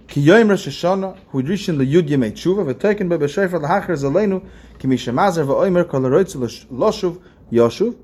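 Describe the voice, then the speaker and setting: A man's voice: a little high, a little mellow, slightly rough. A man, a rabbi, giving an informal religious lesson in a conversational way, repeating phrases and asking his listeners questions. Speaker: rabbi teaching a class.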